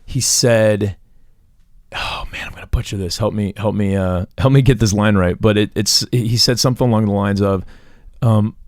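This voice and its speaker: A man's voice: lowish voice, steady tone, brisk, darkish tone, no echo, clean studio sound. A young man co-hosting a podcast, talking in a loose, rambling way with many restarts and easy laughs. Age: young adult. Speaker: podcast co-host. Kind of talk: casual chat.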